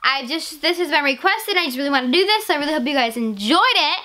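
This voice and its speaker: A bright, high-pitched teenage girl talking straight to her camera in a casual vlog. She gushes and bubbles over, stringing everything together with "like" and "legit," and her excitement keeps spilling out. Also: fast. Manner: gushing, excitable, lots of "like" and "legit". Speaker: vlogger.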